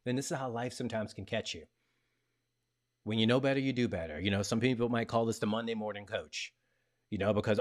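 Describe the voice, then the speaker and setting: A middle-aged man hosting a talk show, retelling a personal story in a casual, animated way and acting out the dialogue. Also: lowish voice, fast talker. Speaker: podcast host.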